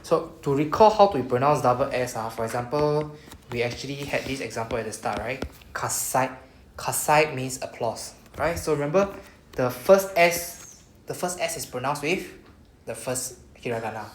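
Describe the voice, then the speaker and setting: Singaporean woman teacher, deep voice, patient drill style, roomy classroom sound with faint noise. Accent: Singaporean English. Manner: patient, repeats words slowly for students. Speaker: Japanese teacher.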